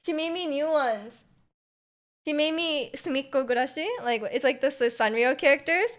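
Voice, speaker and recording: A woman's voice: high-pitched, normal speed. Chatty Canadian woman streamer. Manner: chatty, many fillers and restarts, laughs often. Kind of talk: casual chat with viewers. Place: home room.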